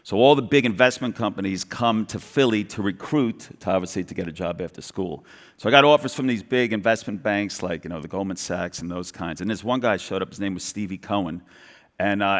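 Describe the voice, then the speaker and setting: This is a middle-aged man from New York with a thick Brooklyn accent, speaking at a brisk, rushing clip in a fairly low voice. He tells his story in an animated way, acts out little bits of dialogue and keeps restarting his sentences. The sound carries the long echo of a large conference hall. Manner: animated, quoting others in dialogue, quick restarts. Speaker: guest entrepreneur. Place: large event hall stage.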